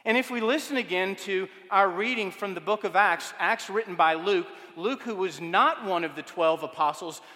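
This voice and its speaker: High, bright-voiced preacher in a church hall. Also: male voice. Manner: rhetorical, emphatic preaching with repeated questions. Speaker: pastor. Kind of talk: sermon. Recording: long reverb of a church hall.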